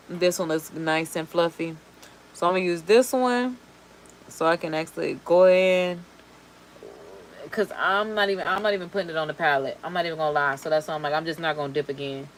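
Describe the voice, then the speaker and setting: A woman's voice: sits low, a little hiss or hum, poor audio. A woman chatting casually while doing her makeup on camera. She talks in slang and repeats words for emphasis. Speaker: beauty vlogger.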